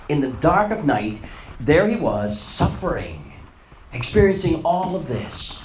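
A man's voice: fairly high pitch, a little mellow. A man preaching a sermon, retelling a story with rising and falling dramatic intensity. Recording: roomy echo, faint noise.

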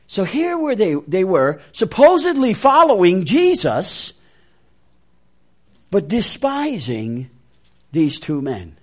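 A man's voice: sits high, wildly swooping pitch, slow pace, long pauses. A man preaching an interactive sermon, making emphatic, repeated appeals to his listeners.

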